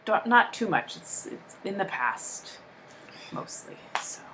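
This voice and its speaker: A woman co-hosting a casual review chat, animated and exasperated, often mock-quoting characters. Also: mid-range voice, unhurried, creaky, a little hiss or hum. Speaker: podcast co-host.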